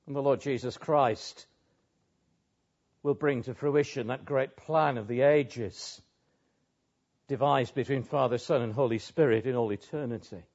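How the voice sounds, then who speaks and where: A man's voice: medium pitch, darkish tone. A man preaching an expository sermon in an earnest, emphatic way, pressing key words with rising and falling emphasis. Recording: dull lo-fi sound.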